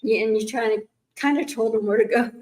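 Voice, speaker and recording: A woman's voice: on the high side, fairly quick, a little mellow, low-quality recording. A woman co-host in casual chat, chiming in briefly and laughing along.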